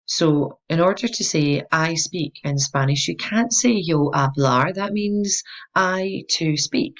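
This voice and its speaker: A woman leads a language lesson in a low, gravelly voice. She explains each step with clear, patient encouragement. The recording sounds a little dull and lo-fi. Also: lively intonation, takes it slowly. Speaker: language teacher. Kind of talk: instructional explanation.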